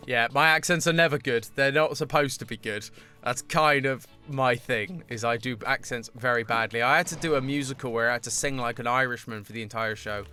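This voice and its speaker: A young man commentates live as he plays a game, chatting and joking at himself with lively reactions. His voice sits in a middle pitch. Game music plays clearly behind him. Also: a little fast. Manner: chatty, self-mocking, animated reactions. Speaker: streamer.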